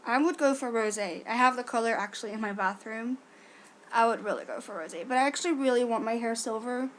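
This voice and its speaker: A young woman with a fairly high voice, chatting through a casual question-and-answer vlog. She is self-deprecating and easygoing, recorded at home on a camera mic with a faint hum of ambience behind her. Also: a bit bright. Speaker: vlogger.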